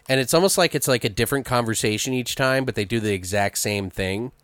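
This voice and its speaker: Young guy chatting about a movie, smooth voice, dry close mic, keeps jumping into squeaky voices for quotes. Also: fast talker, fairly bright tone, dry recording. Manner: loose, laughing, acts out quotes in high voices. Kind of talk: casual chat about a film.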